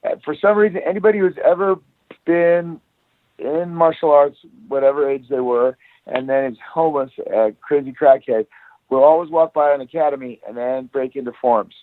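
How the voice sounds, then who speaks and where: A man's voice: fairly high pitch, normal speed, no echo. A man guest telling wild stories in casual podcast chat, swearing constantly and acting out each scene. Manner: profane, animated storyteller. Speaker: guest, jiu-jitsu academy owner. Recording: tinny phone-like line.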